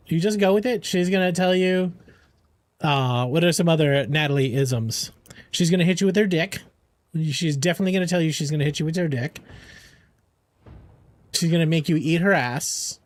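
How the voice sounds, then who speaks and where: A young man streams a game and chats playfully with viewers, rambling, joking and answering chat. His voice is on the high side, with no echo.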